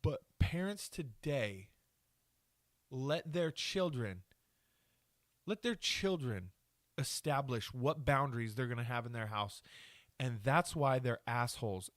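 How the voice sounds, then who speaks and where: A man's voice: mid-range voice, no echo, studio quality. Profane ranting podcast host, a man. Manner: angry, profane ranting with rambling restarts. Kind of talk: solo podcast rant.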